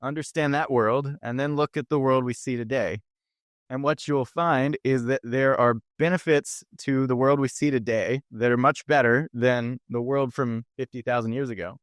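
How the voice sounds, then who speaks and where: Guy explaining stuff earnestly on a podcast, mid pitch, super clean voice. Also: fairly even intonation, moderate pace, no echo, clean studio sound. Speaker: podcast guest. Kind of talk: conversational interview.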